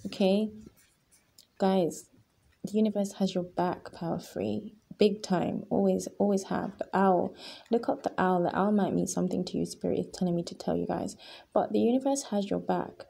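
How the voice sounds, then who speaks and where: A woman leads a pick-a-card tarot reading with a mellow, husky voice that often drops into gravelly fry. She talks earnestly and emotionally, and hammers her points home by repeating them. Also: mid-range voice, fairly even intonation, normal speed. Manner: emphatic and repetitive, often addressing viewers as guys. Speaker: tarot reader.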